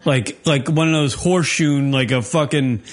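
A man's voice: a little high, moderate pace. A man hosting a radio talk show, mocking a TV clip in blunt, profane banter. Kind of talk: crude comic banter reacting to a TV clip.

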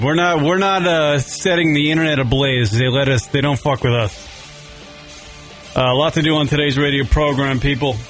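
A man from Long Island hosting a casual comedy radio show, rambling and swearing as he tells stories. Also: medium pitch. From Long Island, New York. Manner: profane, rambling, animated storytelling.

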